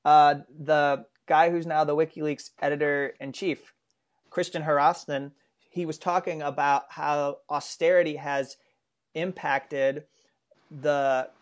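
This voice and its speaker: A man's voice: fairly high pitch, flat delivery, slow pace. A man co-hosting a casual political discussion, talking earnestly and rambling with frequent restarts. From United States. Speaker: political commentary co-host.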